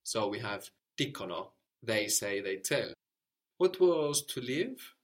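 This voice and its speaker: A man's voice: fairly low pitch, sing-song, takes it slowly. A man teaching a language lesson, patiently prompting his student and repeating each answer.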